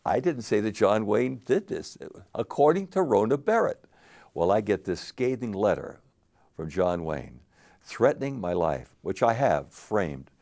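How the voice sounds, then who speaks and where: An older man, a game show host, telling stories in an interview with lively animated delivery. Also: fairly low pitch, measured pace, gravelly. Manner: animated anecdotal storytelling with laughs. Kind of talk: storytelling interview.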